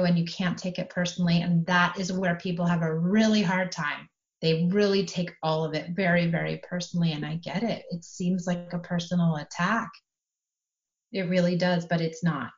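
A middle-aged woman talking about parenting in a casual podcast conversation, calm and steady, explaining her view at length. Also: on the low side, moderate pace. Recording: slightly dull, lo-fi sound.

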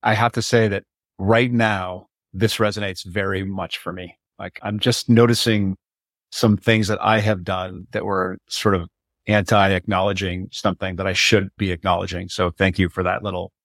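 A man's voice: deep voice, fairly even intonation, moderate pace, no echo, clean studio sound. A man hosting a conversational interview, asking curious questions and reflecting on what he hears. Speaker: interview host.

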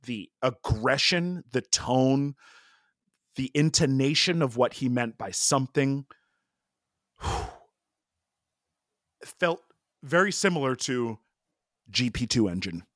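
Animated male podcast co-host, dry sound. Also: mid-range voice, takes it slowly, pauses often, no echo. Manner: animated, full of "like" fillers. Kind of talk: casual sports chat.

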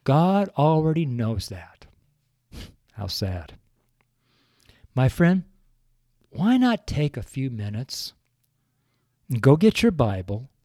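A street preacher in his sixties cries as he pleads earnestly into his podcast microphone, repeating his appeals again and again. His voice is fairly high and warm, captured in a clean studio with no room sound.

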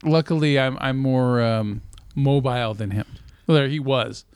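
A man's voice: medium pitch, normal speed, a little mellow, clear, resonant tone, no echo, studio quality. A man co-hosting a casual movie review podcast, joking and rambling and laughing often.

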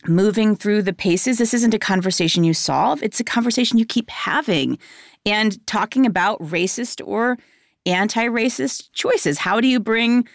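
A woman's voice: medium pitch, normal speed, vocal fry, no echo. Emphatic woman with a dry, close sound. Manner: emphatic, rhetorical questions. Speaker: teacher and parent. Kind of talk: casual conversation.

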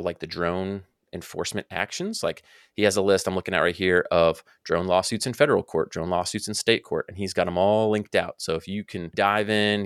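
A man explaining rules in a casual podcast, talking quickly and using lots of "like" fillers. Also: sits low, clear, resonant tone, dry recording, clean studio sound. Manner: fast, filler-heavy talk with frequent "like". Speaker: drone training founder and guest expert.

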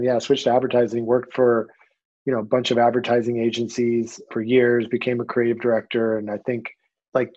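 Male guest, mid pitch; easygoing, chatty, a bit lo-fi. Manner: relaxed, rambling, many fillers and casual swearing. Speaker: podcast guest, company founder. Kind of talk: casual interview storytelling.

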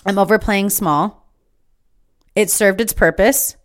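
A woman hosting her own podcast delivers an impassioned spiritual monologue, fired-up and emphatic, and she swears freely throughout. Her voice is medium-pitched and slow.

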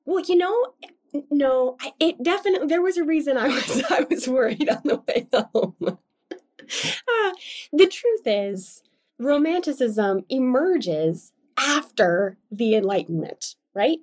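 A woman's voice: high voice, lively intonation, measured pace, a little mellow. A woman co-hosting a casual book-club podcast, chatty and self-deprecating, laughing often. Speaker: podcast co-host.

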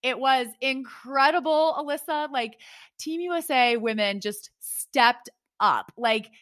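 A woman in her thirties, co-hosting a podcast and telling a rambling, animated story with many fillers. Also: high voice, slow. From United States. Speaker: podcast co-host and triathlete. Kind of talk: casual chat.

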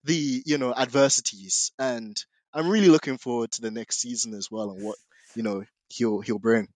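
A man with a mid-pitched voice joins a podcast as a guest fan. He heaps enthusiastic praise in relaxed chat. The sound is dry. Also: normal speed, dry recording. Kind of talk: casual chat.

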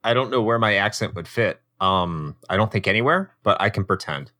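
A man's voice: fairly low pitch, expressive, a little fast, bright, forceful tone, dry recording, studio quality. A man co-hosting a casual podcast, telling rambling, playful stories. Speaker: podcast co-host.

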